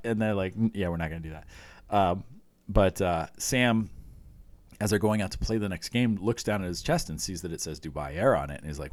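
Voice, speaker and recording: A man's voice: deep voice, a little fast. A man co-hosting a podcast, chatting casually and retelling TV scenes with many fillers and restarts. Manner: rambling, lots of fillers and restarts, retells scenes with quoted lines. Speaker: podcast co-host. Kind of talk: casual chat recapping a TV show.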